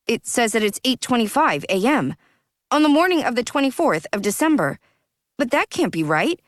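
A woman's voice: fairly high pitch, very animated, normal speed, no echo, clean studio sound, pitched above the performer's own voice. Woman voicing a concerned young man.

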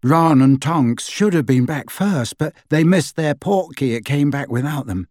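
A man voicing a brisk, matter-of-fact teenage girl. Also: a little high, animated, a little mellow, dry recording, clean studio sound.

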